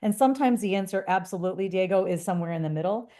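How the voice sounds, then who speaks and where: A woman's voice: mid-range voice, rapid-fire, dark tone. A woman consultant answering webinar questions in a conversational, upbeat way with frequent restarts over a video call.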